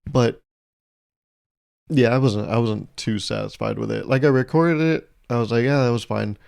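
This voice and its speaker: A man's voice: medium pitch, normal speed, gravelly, a little mellow, no echo, clean studio sound. A young man hosting his own podcast, rambling through a sarcastic, jokey monologue and laughing at his own jokes. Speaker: podcast host. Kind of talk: solo comedic podcast monologue.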